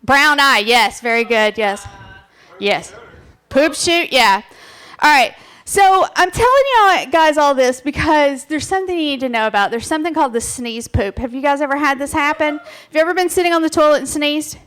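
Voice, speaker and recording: A woman with a notably high voice gives a playful, crude comic talk. She is excitable and keeps calling out to the audience. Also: moderate pace. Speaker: presenter at a live bar show. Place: bar stage with live audience.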